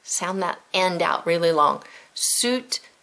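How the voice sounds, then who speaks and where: A woman's voice: medium pitch, animated, unhurried, fairly bright tone. A woman teacher giving a recorded spelling lesson to children, patient and encouraging, stretching out the sounds of words.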